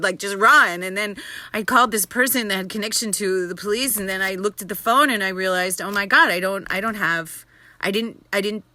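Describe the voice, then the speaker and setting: A young woman talks into her camera at home in a loose, rambling vlog style. Her voice is bright and a little low-pitched, with plenty of excitable restarts and asides. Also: no echo. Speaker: vlogger. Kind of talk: casual daily vlog. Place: her apartment in Tel Aviv.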